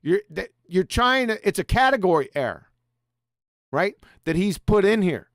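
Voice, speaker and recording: A man's voice: high-pitched, big pitch swings, moderate pace, dry recording, studio quality. A man hosting a live stream, reading passages aloud and then mocking his critics in a combative way. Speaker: livestream host.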